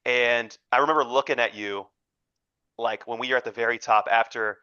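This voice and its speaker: A young man hosting a casual chat on a video call, relaxed and reassuring. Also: medium pitch, normal speed, clean tone, no echo. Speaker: podcast host. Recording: dull, dry lo-fi mic.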